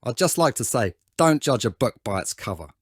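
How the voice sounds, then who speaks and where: A man voicing a proud, self-pitying sniper rifle in a lower, measured voice. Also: big pitch swings, slightly rough, dry recording, studio quality. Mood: haughty.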